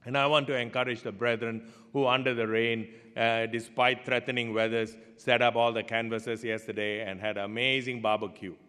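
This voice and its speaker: A man preaching a sermon as pastor, telling stories with animated swings in pitch and loudness. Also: moderate pace, hardly any pauses, smooth. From Singapore. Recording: long hall reverb.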